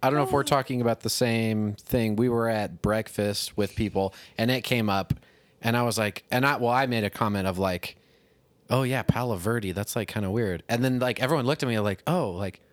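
A man's voice: lowish voice, a little fast, dry recording. A man from Missouri co-hosting a podcast, telling stories loosely with lots of filler words. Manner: storytelling, filler-heavy. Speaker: podcast co-host. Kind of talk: casual chat.

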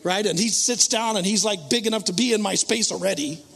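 A man preaching a sermon as a story, self-mocking and animated, acting out his own thoughts in loud voices. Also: high-pitched, brisk, vocal fry, big-room sound, a little hiss or hum.

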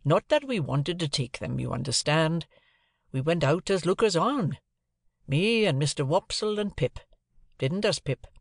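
Man doing a gentle, homely blacksmith. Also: on the high side, animated, unhurried, vocal fry, no room sound, studio quality, pitched above the performer's own voice, exaggerated voice. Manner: plain, homely, modest speech. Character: gentle, simple, kindly male blacksmith.

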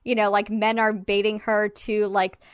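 A woman's voice: mid-range voice, little pitch movement, normal speed, clean tone, no room sound, clean studio sound. Blunt, swearing woman critiquing a film. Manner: blunt, swears freely, many "like" fillers, acts out quotes. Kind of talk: casual film critique chat.

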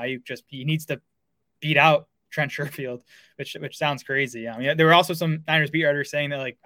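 Talking fantasy football as a podcast co-host, this man rushes through his casual analysis, full of fillers and restarted sentences. His medium-pitched voice sounds pushed and bright, recorded dry.

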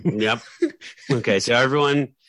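A man's voice: mid-range voice, unhurried, fairly bright tone, no echo. A man co-hosting a podcast, joking around in casual chat, stumbling and restarting his sentences. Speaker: podcast co-host.

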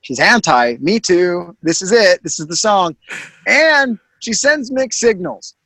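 A man's voice: sits high, big pitch swings, takes it slowly, pushed and bright, dry recording. A man co-hosting a comedic podcast chat, sarcastic and rambling, with lots of fillers. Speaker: podcast co-host.

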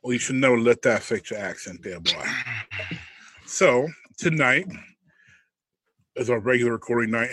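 A man's voice: medium pitch, a bit bright, husky, no echo. A man hosting a casual wrestling podcast, with showy announcer-style delivery. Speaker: podcast host.

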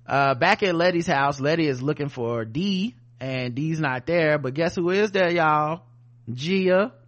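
A man co-hosting a podcast, casually recapping a TV episode in a laid-back, profane and animated way. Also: fairly high pitch, measured pace, dull audio. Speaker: podcast co-host.

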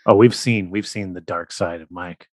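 A man with a low voice hosts a podcast in casual chat. He thinks aloud, circling his point, in a dry, close sound. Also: steady tone, normal speed, a little mellow, no echo. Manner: thinks aloud with fillers and restarts. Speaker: podcast host.

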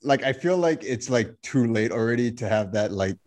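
A man's voice: mid-range voice, lively intonation, moderate pace, darkish tone. A man co-hosting a casual podcast over a video call, teasing his partner and rambling through his thoughts with lots of "like". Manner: rambling, leans heavily on "like" as he thinks aloud, teasing. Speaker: podcast co-host. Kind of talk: casual chat. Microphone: computer mic over a video call.

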